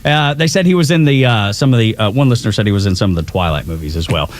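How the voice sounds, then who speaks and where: A man's voice: lowish voice, lively intonation, racing. A man co-hosting a morning radio show, chatting casually with many fillers and laughs. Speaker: radio co-host.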